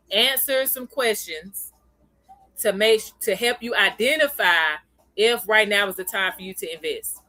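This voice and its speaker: A woman's voice: mid-range voice, bright, forceful tone. A woman hosting a casual livestream, chatting with viewers, greeting them by name and laughing often. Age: adult, parent of a young child. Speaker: livestream host.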